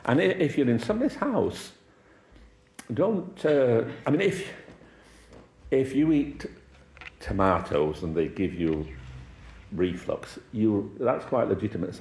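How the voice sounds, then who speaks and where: Middle-aged preacher in an echoey church. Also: male voice, mid-range voice, big pitch swings, moderate pace, a little mellow. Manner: conversational, anecdotal with chuckles and acted quotes. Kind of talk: sermon. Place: church hall.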